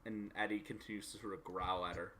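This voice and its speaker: A man's voice: lowish voice, steady tone, fast talker, fairly bright tone, slight background noise. A man narrating as game master of a live-streamed tabletop game, in a loose, chatty way full of "sort of" and "like". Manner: loose, conversational, lots of "sort of" and "like".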